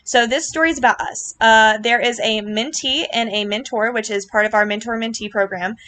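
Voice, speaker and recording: A woman's voice: a little high, fairly even intonation, fairly quick, sharp tone, a little hiss or hum. Gushing, earnest young-sounding woman. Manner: gushing and earnest, many fillers and apologies. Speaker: vlogger reacting to her club's riding routine. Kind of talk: casual reaction commentary.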